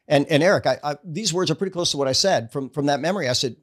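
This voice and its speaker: A middle-aged man, a chiropractor, telling stories in a casual interview and acting out the dialogue with sudden jumps in his voice. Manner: animated storyteller acting out dialogue with quick pitch jumps. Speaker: guest, chiropractor and network marketer.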